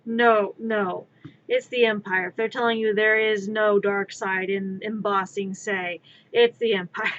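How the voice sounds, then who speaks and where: Chatting unhurriedly in a steady, mid-range and slightly bright voice, a woman live-streams her crafting from her room, rambling playfully and occasionally telling off her cat. The recording has its highs cut off.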